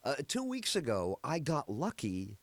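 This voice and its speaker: A man's voice: mid-range voice, huge pitch swings, unhurried, no room sound. A middle-aged man hosting a podcast, telling rambling stories in a casual chat with many fillers. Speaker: podcast host.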